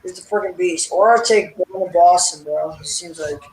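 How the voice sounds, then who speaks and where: A man co-hosting a casual sports chat, excitable and blunt with slangy talk, heard with a roomy echo. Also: high-pitched, normal speed, a crowd in the background. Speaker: co-host.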